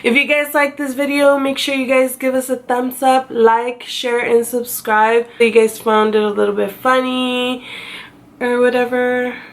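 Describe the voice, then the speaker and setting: Woman in her 30s doing a story time vlog, slow and gravelly, kinda high voice, jokes at herself. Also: level tone. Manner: chatty, self-mocking, acts out her own past crying in a high wail. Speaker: vlogger.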